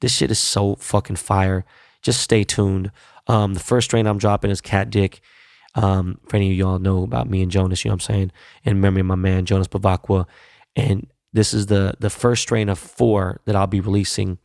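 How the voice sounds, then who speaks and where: A man's voice: sits low, little pitch movement, normal speed, gravelly, a little mellow, no echo, clean studio sound. A man hosting his podcast in a casual solo wrap-up, talking loose, blunt and profane with laid-back slang. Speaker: podcast host.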